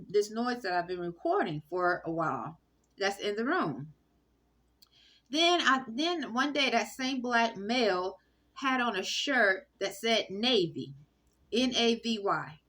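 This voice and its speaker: A woman with a bright, sharp-edged voice talks straight to her phone in a loose, meandering monologue. She halts, restarts and fills gaps with ums as she goes, speaking from inside a room. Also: a little high. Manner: halting, many fillers and restarts. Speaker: vlogger. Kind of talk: rambling personal monologue. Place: indoor room. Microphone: phone recording.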